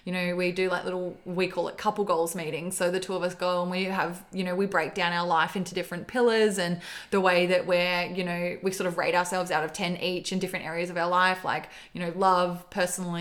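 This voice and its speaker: Upbeat motivational woman co-host, quick and bright, casual chat. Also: fairly low pitch, little pitch movement. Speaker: podcast co-host.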